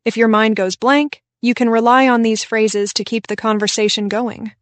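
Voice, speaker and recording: A woman co-hosting a scripted English-learning podcast, explaining tips in a clear, encouraging way. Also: fairly high pitch, fairly even intonation, moderate pace, no echo. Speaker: podcast co-host.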